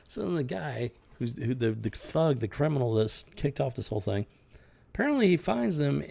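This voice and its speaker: A man's voice: a little high, vocal fry, darkish tone, breathy edge. A man hosting a comic book review show, ranting in exasperated, incredulous casual commentary. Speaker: podcast host reviewing comics.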